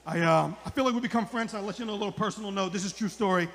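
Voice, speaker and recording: A man's voice: high voice, very fast, creaky, a bit bright. A middle-aged man doing a rambling stand-up comedy set on a club stage, repeating his lines for the punch.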